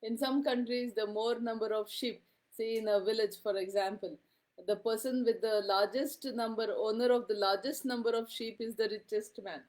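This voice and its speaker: A woman's voice: fairly high pitch, steady tone, moderate pace, a little mellow. A middle-aged woman giving a classroom lecture, speaking conversationally with many fillers and frequent "okay?" checks to her students.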